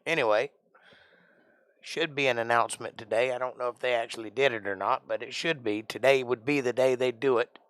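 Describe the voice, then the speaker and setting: A man's voice: mid-range voice, steady tone, a little fast, fairly bright tone, clear, resonant tone, no echo. A man hosting a casual live stream, joking around in a put-on accent and sounding tired. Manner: joking, puts on an odd made-up accent. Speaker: livestream host.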